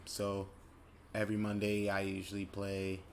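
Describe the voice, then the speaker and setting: Late-20s male host, low voice, loose reflective monologue, rambling and self-correcting. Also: monotone, moderate pace, slight background noise. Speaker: podcast host.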